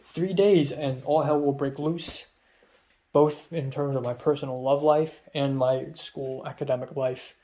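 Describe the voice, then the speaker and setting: A man's voice: mid-range voice, fairly even intonation, a little slow, dark tone. A young man who is a film student, talking in a rambling, filler-heavy vlog monologue and sounding stressed.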